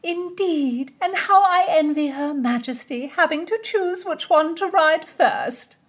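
Woman putting on a gushing high-voiced princess. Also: measured pace. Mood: teasing. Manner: gushing, flattering.

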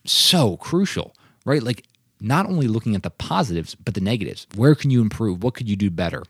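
A man's voice: lowish voice, sing-song, a little fast, a bit bright, husky, no echo, clean studio sound. A young man hosting a solo podcast, talking earnestly and often checking in with "right?" and "like". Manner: earnest, keeps asking "right?" and "like". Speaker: podcast host.

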